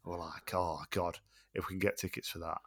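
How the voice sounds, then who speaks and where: A man's voice: low-pitched, flat delivery, a little fast, a bit bright. A middle-aged man, a teacher and podcast co-host, telling rambling stories in casual chat with frequent chuckles.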